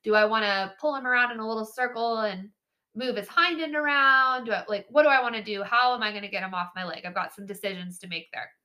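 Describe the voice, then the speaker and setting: A woman's voice: fairly high pitch, quick pace. A woman hosting a horse training podcast, giving casual, chatty coaching with frequent laughs and "right?" asides. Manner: chatty, animated, laughs often, says "right?" and "like".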